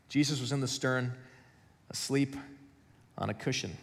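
A man preaching a sermon, moving from hushed storytelling to loud emphasis with a conversational, joking manner. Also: medium pitch, steady tone, moderate pace, long pauses, long reverb tail. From United States. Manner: dramatic shifts from hushed to loud, conversational and humorous. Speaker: pastor. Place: church.

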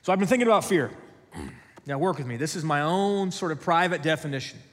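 A man preaching a sermon, moving from hushed storytelling to loud emphasis with a conversational, joking manner. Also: on the high side, fast talker, big-room sound. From United States. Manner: dramatic shifts from hushed to loud, conversational and humorous. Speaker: pastor. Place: church.

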